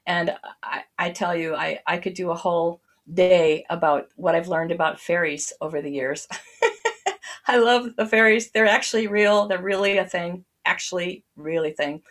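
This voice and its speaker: A woman's voice: lowish voice, fairly bright tone. A woman reading lyrical prose and then talking casually and enthusiastically about Celtic spirituality. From United States. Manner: unhurried, enthusiastic and storytelling.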